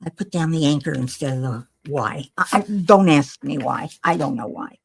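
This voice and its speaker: Her voice is low, creaky and husky at a normal speed as this older livestream host chats casually while crafting at home. Tired and yawning, she talks to herself in a rambling, wry, chatty manner.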